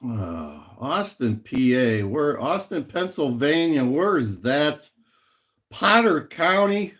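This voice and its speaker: Slow-talking, animated man on a livestream. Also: on the high side. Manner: rambling, repeats himself, reads and answers viewer chat. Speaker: livestream host. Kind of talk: casual livestream chat. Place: home in Illinois.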